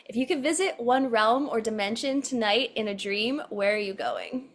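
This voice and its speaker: Woman, podcast host, higher-pitched voice, effusive and full of laughter. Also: normal speed. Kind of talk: casual interview.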